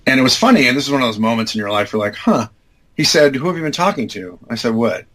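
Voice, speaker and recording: A man in his fifties, a guest telling a long story in a relaxed, rambling way, acting out what people said with sudden high-pitched voices. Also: fast, poor audio. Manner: acts out quoted dialogue with big jumps in pitch; rambling, self-correcting, many fillers. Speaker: interview guest. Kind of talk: casual anecdotal storytelling.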